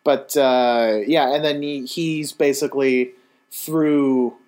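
A man's voice: mid-range voice, fairly even intonation, takes it slowly, a little mellow. Jokey male podcast host. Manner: jokey, playful, teasing. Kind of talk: casual chat.

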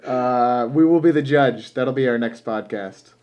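A podcast co-host with a medium-pitched, slightly mellow voice chats unhurriedly about a film. He muses aloud as he goes, often trailing off and then starting again.

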